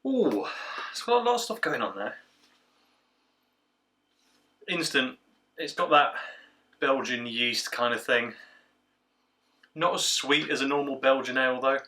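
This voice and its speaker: A man giving a casual beer review from home, chatty and relaxed, with plenty of filler sounds. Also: medium pitch, moderate pace, pauses often, slight background noise. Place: at home, indoors.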